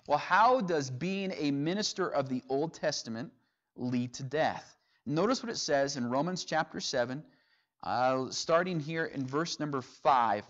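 A man teaching a sermon, reading scripture aloud and explaining it verse by verse. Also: on the high side. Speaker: preacher. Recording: dull lo-fi sound.

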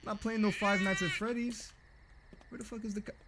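A man's voice: sits high, steady tone, fairly quick, noisy background. A young man streaming a horror game, giving a profane, jumpy, joking running commentary. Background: game music.

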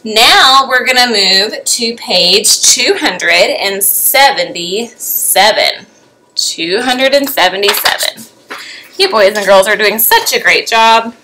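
A woman's voice: on the high side, lively intonation, slow, bright, forceful tone, a little hiss or hum, rough recording. A young adult woman teacher giving a remote lesson to young children, patient, with frequent rising "okay?" checks.

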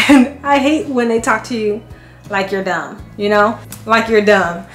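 A woman in her thirties, a family vlogger, telling a personal story casually to camera and acting out what people said. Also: measured pace. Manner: animated, acts out quotes with big pitch jumps. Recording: echoey room with faint music.

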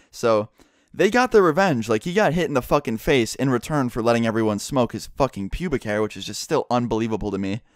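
Fast-talking young man telling a story. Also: medium pitch, no echo, clean studio sound. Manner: animated retelling, acts out friends' lines, heavy swearing. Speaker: vlogger. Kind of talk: casual storytime vlog.

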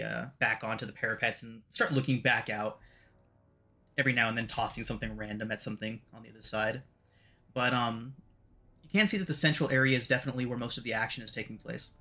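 Male game master, bright tone, loose narration with lots of "um.". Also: on the low side, gravelly. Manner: relaxed, filler-heavy narration.

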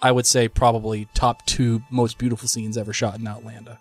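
A man co-hosting a casual live episode commentary podcast, chatty and quick to laugh, often restarting his sentences. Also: mid-range voice, little pitch movement, no room sound, soft background music. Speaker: podcast co-host.

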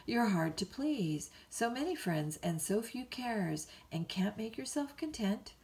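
A woman's voice: a little high, animated, unhurried, a little mellow, voice pushed up. A woman reading a bedtime story, voicing a blunt middle-aged housekeeper who answers in a dry, scolding way. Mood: tart.

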